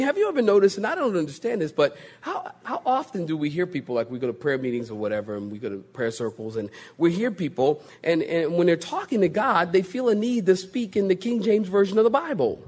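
A man preaching with a high, husky voice that ranges widely. He jokes with the congregation and slips into mock-grand prayer voices for laughs, then drops back to a confiding tone. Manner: animated, joking, mimics pompous prayer voices. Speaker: pastor. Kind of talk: sermon.

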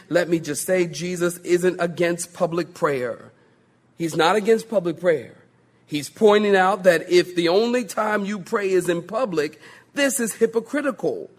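A male pastor preaching a sermon, joking and mimicking pompous prayer voices, husky in tone. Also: fairly high pitch.

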